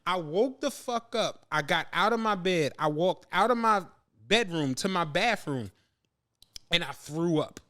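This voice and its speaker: High, lively man telling a story. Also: unhurried. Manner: animated, laughing, profane, acts out quoted voices. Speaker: podcast guest telling a story. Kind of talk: casual storytelling among friends.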